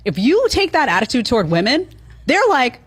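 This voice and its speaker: A woman giving opinions in a podcast-style talk, animated and using lots of "like". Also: on the high side, a little fast, slightly rough. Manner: animated, mocking quoted voices, filler "like".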